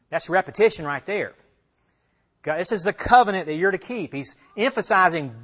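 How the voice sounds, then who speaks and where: A man's voice: a little high, expressive, normal speed, fairly bright tone, husky. A man teaching a Bible passage as a pastor, conversational, asking his listeners questions and repeating himself as he talks it through. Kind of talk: expository sermon.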